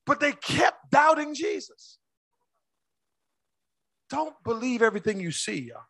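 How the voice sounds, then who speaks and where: Man preaching hard, really high bright voice, dry sound, calls out to the crowd then drops way down. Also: very animated, unhurried, dry recording. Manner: impassioned preaching with call-and-response; swings between shouts and low asides. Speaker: pastor. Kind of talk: sermon.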